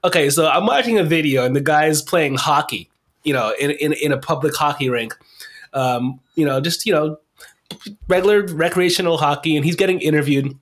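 A man's voice: fairly high pitch, moderate pace. Chatty man hosting a soccer podcast. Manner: loose, swearing, stumbling over names, laughing. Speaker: podcast host. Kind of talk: casual podcast chat.

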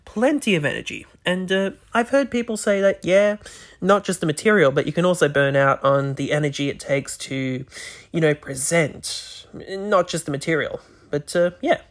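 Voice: medium pitch, moderate pace. A podcast host talking alone into a microphone, rambling with many restarts and words that sometimes slur. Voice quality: slightly slurred words. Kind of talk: solo podcast monologue.

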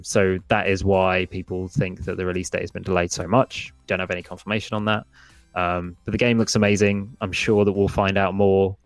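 A man talking casually on a podcast about video games, rambling with many fillers and restarts and breaking into animated impressions. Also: sits low, no echo. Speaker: podcast guest, gaming expert.

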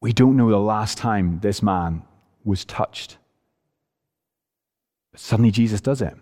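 A man preaching a sermon in an earnest, emphatic way, speeding up and slowing down to stress his points. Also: fairly low pitch, warm tone. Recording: preached in a reverberant hall.

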